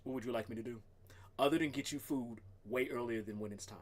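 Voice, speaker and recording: A man's voice: medium pitch, fast talker, a little hiss or hum. A man streaming live, ranting casually and swearing a lot, sometimes talking to his cat. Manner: animated, profane, talks to his cat. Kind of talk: casual livestream rant.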